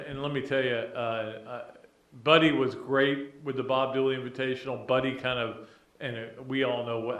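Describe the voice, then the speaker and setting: A middle-aged man hosting a sports podcast, talking casually in a rambling, animated, emotional way with many restarts. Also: medium pitch. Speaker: podcast host. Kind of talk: casual sports talk monologue. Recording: roomy echo.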